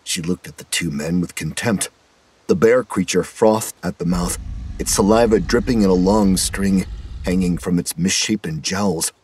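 A man narrating a horror story in a measured, dramatic manner. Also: low voice, darkish tone, slightly rough.

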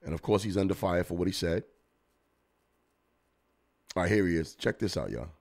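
A man's voice: low-pitched, lively intonation, moderate pace, darkish tone. A man hosting a podcast, giving blunt, profane comedic commentary as he reacts to videos. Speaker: podcast host.

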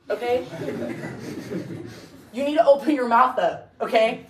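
A woman's voice: fairly high pitch, takes it slowly, pauses often, a little hiss or hum. Young woman debate coach, blunt and chatty, far off in a roomy classroom. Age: young adult. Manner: blunt, chatty, full of "like" and "okay?". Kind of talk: casual classroom lecture. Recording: roomy classroom, voice from across the room.

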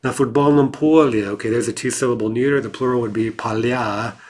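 A man's voice: mid-range voice, fairly even intonation, brisk, a little mellow. A man teaching a language grammar lesson, explaining patiently and often checking in with "right?".

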